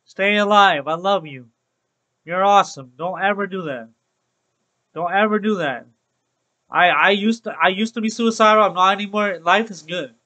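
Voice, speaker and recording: The audio is rough as a young man with a high-pitched, sharp voice plays a game on stream at normal speed. His commentary to the live chat is upbeat and casual, full of repeated phrases like "bro."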